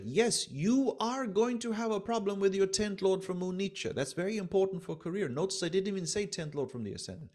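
Male astrology teacher, slightly high voice, animated lecturing that acts out little quoted exchanges.

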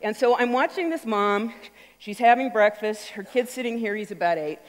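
Animated woman storyteller in a reverberant hall. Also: on the high side, moderate pace. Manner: animated, acts out voices and sounds. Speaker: speaker giving a stage talk. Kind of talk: storytelling stage talk.

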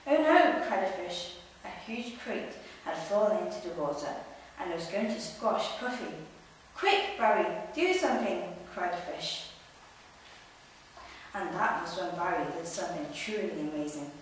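A woman reading a children's picture book aloud with animated, expressive storytelling. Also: fairly low pitch, slight background noise. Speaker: storybook reader. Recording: echoey room, distant mic.

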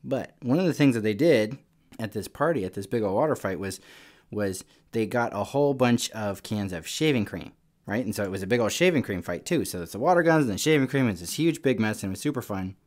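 A man's voice: lowish voice, expressive, fairly quick, darkish tone. Casual man telling kids a story. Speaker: Sunday school teacher. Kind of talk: children's Sunday school talk.

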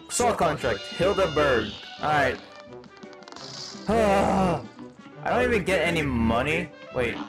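A man playing a demon hedgehog doing let's-play commentary, panicky and yelping, over loud game music. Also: fairly high pitch, rough recording. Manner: panicky, yelps and repeats himself. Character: psychotic demon hedgehog, male, gaming. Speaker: gamer.

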